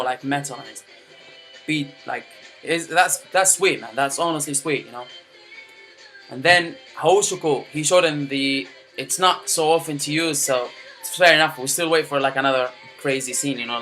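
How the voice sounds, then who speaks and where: A young man with a slightly high, very bright, forceful voice rants casually, peppering every sentence with swearing and "you know, man". Faint music plays behind him. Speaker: anime fan commentator. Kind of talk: casual rant to camera.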